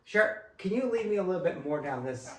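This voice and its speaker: A man co-hosting a casual talk about work boundaries, animated and acting out what others say. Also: high-pitched, fairly quick, recorded from a distance, slight background noise. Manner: animated, acts out quoted lines. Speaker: co-host. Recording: echoey room.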